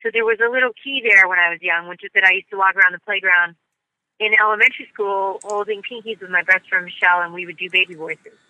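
A woman's voice: medium pitch, quick pace, sharp tone, no room sound, rough recording. A woman who grew up in the United States, a voice actress chatting upbeat and bubbly in an interview. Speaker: voice actress guest. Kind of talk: casual interview chat.

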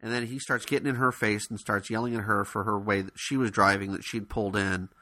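A man co-hosting a podcast, casually telling a funny family story in an animated way, with frequent laughs. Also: fairly low pitch, a little fast, dry recording. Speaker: podcast co-host.

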